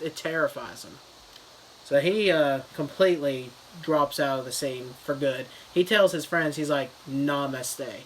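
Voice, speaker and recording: A man's voice: on the high side, a bit bright, a little hiss or hum, rough recording. A man giving a crude joking fake book review, rambling with lots of "you know" and "uh".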